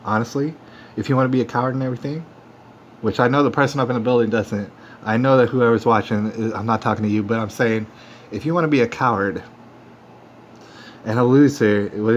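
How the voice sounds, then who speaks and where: A man's voice: medium pitch, steady tone, brisk. Agitated man ranting on a lo-fi stream. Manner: agitated, repetitive, defiant. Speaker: livestream host. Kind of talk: ranting monologue to viewers. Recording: dull lo-fi phone stream audio with faint noise.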